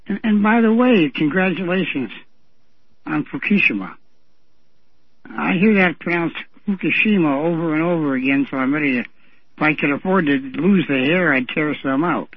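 Husky, fairly high-voiced man chatting on radio. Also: expressive, moderate pace, dry recording. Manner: chatty storyteller, acting out the voices of people he quotes. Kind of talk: casual radio talk. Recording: dry, dull radio audio.

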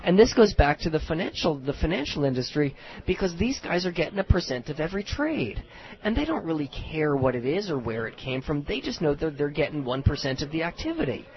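A man being interviewed as a research director, talking in lively casual style with sarcastic asides and frequent restarts. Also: fairly high pitch, fairly quick. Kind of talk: casual radio interview talk. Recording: dull lo-fi radio audio.

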